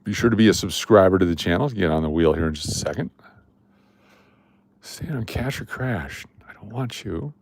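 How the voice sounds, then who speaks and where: A man's voice: low voice, lively intonation, moderate pace, no echo. A middle-aged man from Las Vegas hosting a casual coin live stream, chatting and reading viewer comments aloud. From Las Vegas, Nevada. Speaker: livestream host running coin giveaways.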